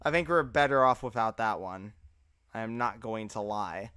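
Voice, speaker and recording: A man streaming live, giving casual, animated reaction commentary full of loose filler words. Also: on the low side, normal speed, clear, resonant tone, no echo, studio quality.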